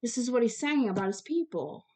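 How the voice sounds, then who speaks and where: A woman's voice: on the high side, expressive, a little fast, warm tone. A woman teaching the Bible, reading scripture aloud and breaking off into direct, earnest commentary, sometimes stumbling over long words.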